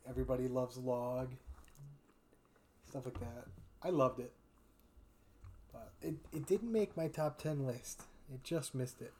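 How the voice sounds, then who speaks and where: A man's voice: mid-range voice, a little slow, pauses often, a little mellow, slight background noise. Chatty man retelling cartoon scenes. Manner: retells cartoon scenes, voicing every character; fond of doing impressions. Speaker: podcast host. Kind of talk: casual chat.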